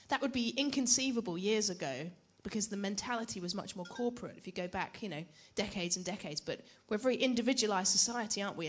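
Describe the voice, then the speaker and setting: A young woman gives a church teaching talk in a relaxed, conversational way. She jokes at her own expense and keeps turning questions back to the audience, her voice sitting at an ordinary middle pitch. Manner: chatty, self-deprecating, asks the audience questions. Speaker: preacher.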